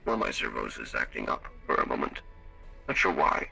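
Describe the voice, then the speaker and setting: A man playing a gravelly deep-voiced alien cyborg. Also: sing-song, pushed and bright, full character voice. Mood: measured. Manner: measured, formal, clipped phrasing. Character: formal augmented alien man, cyborg with servos. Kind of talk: live role-play. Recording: distant mic with faint music.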